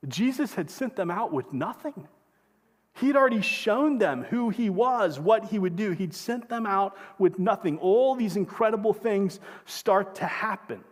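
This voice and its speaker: A man with a fairly high voice delivers a sermon from the pulpit. He talks in a conversational way and keeps asking the congregation questions. His words ring out with a long echo in a worship hall. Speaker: pastor. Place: church sanctuary.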